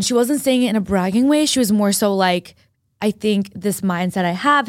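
In a studio-quality recording with no echo, a young woman with a mid-range voice co-hosts a podcast. She is chatty, telling a story in casual conversation with plenty of fillers.

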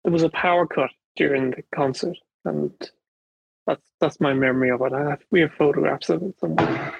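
A man joining a podcast as a listener, slowly and hesitantly recalling a memory in casual chat. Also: on the high side, steady tone, creaky, slightly rough, highs cut off.

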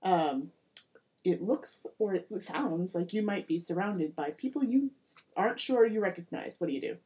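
Mellow-voiced woman game master. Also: fairly low pitch, lively intonation, normal speed. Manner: playful, rambling, self-correcting. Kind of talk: narrating a comedic tabletop game.

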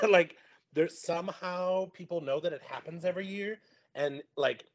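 A man's voice: high-pitched, unhurried, a little hiss or hum. A man talking as a guest on a podcast, telling family stories in casual chat, acting out what other people said and laughing often. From Sicilian family heritage. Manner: animated storyteller, acts out quoted people, laughs often.

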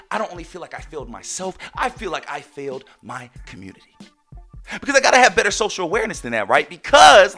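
A man hosting a podcast, telling stories in a casual monologue with loud, excited exclamations, and addressing listeners as "ladies and gentlemen". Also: high-pitched. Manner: animated storyteller, bursts into loud excited exclamations. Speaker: podcast host.

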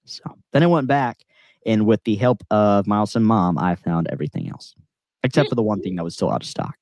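A man chatting on his podcast in a lowish voice, close to the mic with a dry sound. He tells long, meandering stories and pokes fun at himself. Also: expressive, brisk, a little mellow, dry recording, lo-fi sound. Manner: rambling, self-deprecating storyteller. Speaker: podcast host. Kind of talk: casual chat.

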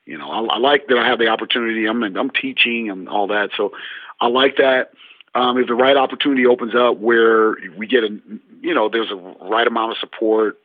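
A basketball coach in an interview, telling stories and acting out what people said. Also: male voice, medium pitch, brisk, no echo. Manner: animated storyteller, acts out dialogue. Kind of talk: interview storytelling. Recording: husky, tinny phone-like line.

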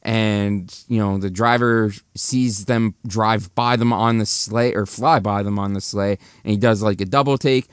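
A man giving a chatty, animated recap of a movie's plot, restarting sentences as he goes. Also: fairly low pitch, a little slow, few pauses, clear, resonant tone, no echo, studio quality.

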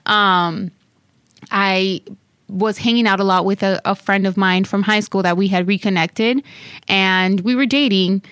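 A young woman with a Miami accent tells stories in a lively, animated way, acting out every quoted line. Her voice sits at a middle pitch. The recording is close and dry. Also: unhurried, clear, resonant tone, dry recording. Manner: animated storyteller, acts out quotes. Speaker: podcast guest. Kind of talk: casual chat.

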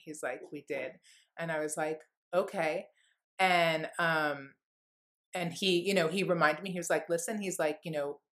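Woman, interview guest, candid storytelling, rambling and heartfelt, somewhat low pitch. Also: a bit bright. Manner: rambling, heavy use of "like" fillers; earnest, heartfelt.

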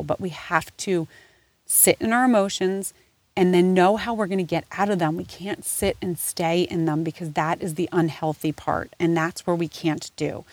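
A woman's voice: on the low side, a little mellow, no room sound. A woman in her forties hosting a casual personal podcast, talking candidly and emotionally about family, swearing freely and rambling with restarts. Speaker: podcast host.

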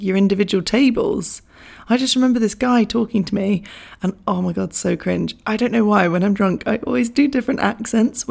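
A young woman hosting a podcast, talking casually with a hoarse, croaky voice from losing it, chatty and self-mocking, laughing often. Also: medium pitch, a little mellow. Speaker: podcast host. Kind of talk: casual solo podcast chat.

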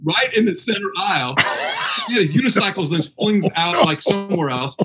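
A man's voice: high voice, normal speed, soft background music. A man telling a funny story in a casual chat, acting out the voices of others and laughing as he goes. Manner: animated, acts out the voices of others.

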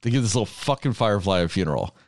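A man's voice: on the low side, expressive, rapid-fire, a little mellow, no room sound, studio quality. Worked-up swearing man ranting. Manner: emotional, laughs between words. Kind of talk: casual chat.

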